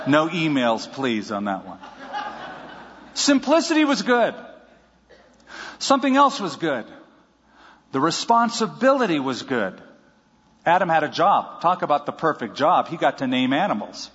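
A man preaching a sermon, telling stories lively and with jokes. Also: fairly high pitch, a little slow, long pauses, breathy edge. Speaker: pastor. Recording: dull audio in a reverberant hall.

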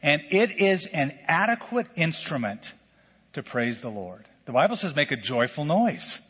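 A middle-aged male pastor preaching a sermon in a lively, conversational way, full of questions to the congregation. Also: on the high side, measured pace, breathy edge. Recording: lo-fi sermon recording with long hall reverb.

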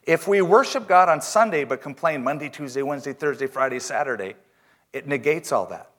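A man preaching a sermon in church, reading scripture slowly and emphatically, with joking asides. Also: a little high, lively intonation, fairly bright tone. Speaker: pastor.

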